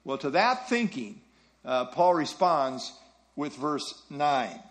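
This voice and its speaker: A man's voice: a little high, big pitch swings, slow. Earnest man teaching a Bible class. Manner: earnest, emphatic, repeats key phrases.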